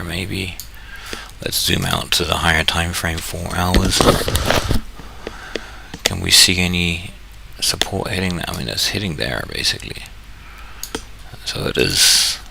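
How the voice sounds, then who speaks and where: Gravelly and extremely low-pitched, the voice of this trading channel host from New Zealand still comes across bright and forceful. He casually walks through his screen, thinking aloud, correcting himself and joking as he goes, with slight background noise behind him.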